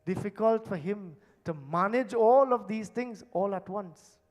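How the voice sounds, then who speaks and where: A man preaching a sermon at a temple, stressing words strongly and dropping to hushed, low phrase endings. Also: a little slow, muffled recording. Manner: emphatic, swinging between loud stresses and hushed low endings. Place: temple hall.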